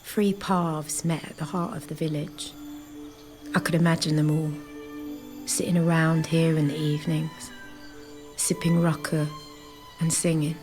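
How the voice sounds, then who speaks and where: A woman's voice: low-pitched, level tone, unhurried, darkish tone, faint music behind. An actress playing a young woman archaeologist, narrating her thoughts in a reflective, musing way. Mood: wistful. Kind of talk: game voice acting.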